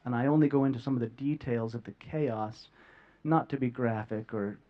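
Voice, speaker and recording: A man giving an emotional talk to a live audience, earnest and heartfelt, often halting with repeated words and long pauses. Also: medium pitch, dull audio. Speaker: speaker sharing a near-death experience. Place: stage before a live audience.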